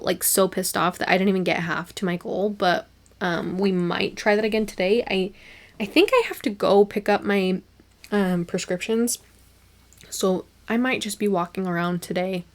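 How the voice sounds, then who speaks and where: A young woman hosting her own podcast, chatting casually and animatedly with lots of fillers and quick laughs. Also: mid-range voice. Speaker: podcast host. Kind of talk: casual solo podcast chat.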